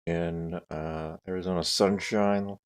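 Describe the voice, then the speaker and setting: A man's voice: low-pitched, fairly even intonation, takes it slowly. A man live streaming who talks casually and thinks aloud while adjusting his microphone settings. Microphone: desk microphone with noise gate and compressor.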